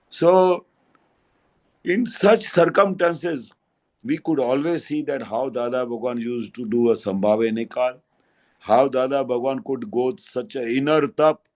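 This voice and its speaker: An older man with a Gujarati accent giving a spiritual satsang talk, telling anecdotes in a halting way with fillers and restarts. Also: a little high, poor audio. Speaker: spiritual speaker.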